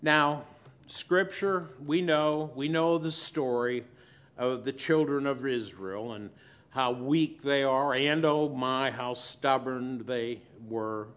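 A man preaching a sermon as pastor, swinging between loud emphasis and quiet, soft asides. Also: mid-range voice, slow pace.

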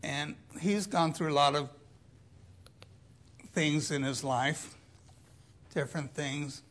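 An older man preaching a sermon in a slow, deliberate way, dropping into quiet asides. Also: a little high.

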